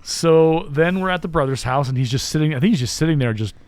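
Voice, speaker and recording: A man's voice: fairly high pitch, expressive, no echo. A man co-hosting a podcast, casually recapping a film's scenes and quoting lines in little acted bits. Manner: recaps scenes, acting out lines in quick quotes. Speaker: podcast co-host. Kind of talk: casual movie discussion. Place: podcast studio.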